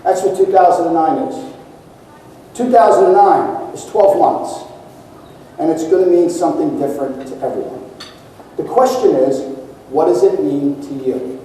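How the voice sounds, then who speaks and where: A man's voice: on the high side, normal speed, long pauses, warm tone, distant mic, slight background noise. A man giving a motivational conference keynote, speaking emphatically and asking the audience rhetorical questions. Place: large conference hall. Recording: echoey hall recorded from afar.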